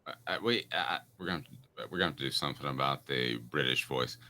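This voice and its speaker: A man's voice: rumbling low, fast talker, pushed and bright. A man hosting a sports talk show, talking casually and rambling through long explanations with many restarts. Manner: rambling, restarts mid-sentence.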